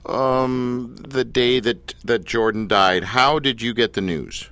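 A man hosting a talk show, asking questions in a playful, animated way. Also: medium pitch, slow pace, no echo.

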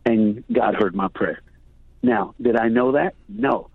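A man's voice: fairly low pitch, takes it slowly, creaky, no echo. A man who speaks at school assemblies, telling stories in an earnest, preacherly way as a guest on the phone. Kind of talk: storytelling on a phone interview. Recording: tinny phone line, dry.

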